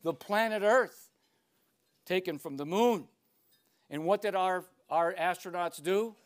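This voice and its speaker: Older man, high voice, emphatic lecture delivery with dramatic pauses. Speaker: speaker.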